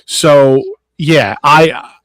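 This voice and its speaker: A man's voice: fairly high pitch, a bit bright, no echo, low-quality recording. Earnest Philadelphia-accented man hosting. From South Philadelphia. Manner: earnest, halting with many restarts. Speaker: podcast host. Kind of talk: casual panel discussion.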